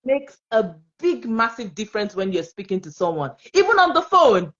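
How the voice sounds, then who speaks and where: A woman with a Nigerian English accent, talking in a casual panel conversation as an expressive, laughing storyteller. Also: on the high side, moderate pace, lo-fi sound. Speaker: panel guest.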